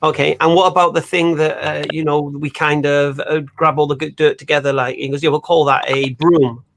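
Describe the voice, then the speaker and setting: A man's voice: on the high side, flat delivery, a little fast, a bit bright, a little hiss or hum. A man hosting a casual conversation, chatty and repetitive, laughing often. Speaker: host.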